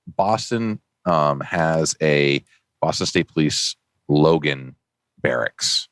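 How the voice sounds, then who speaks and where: A man from New Hampshire co-hosting a podcast, telling a travel story in lively casual chat and jumping up in pitch when he quotes people. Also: unhurried, no room sound, clean studio sound. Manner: animated anecdote-teller, jumps pitch when quoting people. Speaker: podcast co-host.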